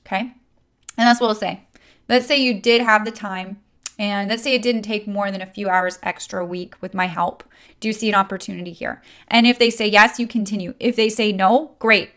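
A woman's voice: medium pitch, fairly even intonation, a little fast, a bit bright. A woman giving a conversational coaching talk on handling sales objections, with frequent fillers and checks like "right?". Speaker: network marketing trainer.

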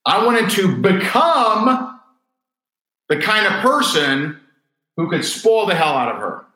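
Bright, emphatic male motivational speaker. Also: sits high, big pitch swings, slow pace. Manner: emphatic, repeats points, rhetorical questions. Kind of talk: motivational talk. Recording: roomy echo.

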